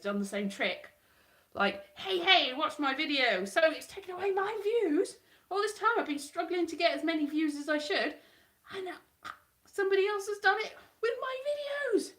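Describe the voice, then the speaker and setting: A woman's voice: sits high, a bit bright. A woman chatting casually on a livestream from home into a webcam. She rambles and pokes fun at herself. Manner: chatty, rambling, self-mocking. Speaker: YouTuber.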